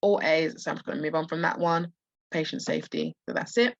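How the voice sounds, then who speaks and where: Hoarse woman tutoring over dull call audio. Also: low voice, a little fast, no room sound. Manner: explains answers with many restarts and fillers. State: losing her voice. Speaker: medical school admissions tutor. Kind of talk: live online practice test walkthrough.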